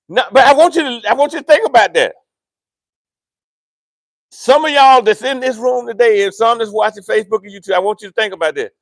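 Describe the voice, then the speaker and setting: Animated preacher, high voice. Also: male voice, brisk, no echo, clean studio sound. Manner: animated preaching with playful asides to the congregation. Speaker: pastor. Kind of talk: sermon. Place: church sanctuary.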